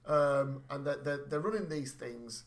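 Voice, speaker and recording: A man's voice: mid-range voice, unhurried, crowd noise. A man in casual chat as a podcast co-host, agreeing along and adding wry asides.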